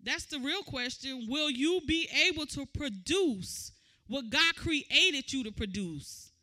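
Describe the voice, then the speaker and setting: A woman preaching a sermon, moving from conversational teaching to loud, shouted exhortation. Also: sits high, expressive, takes it slowly.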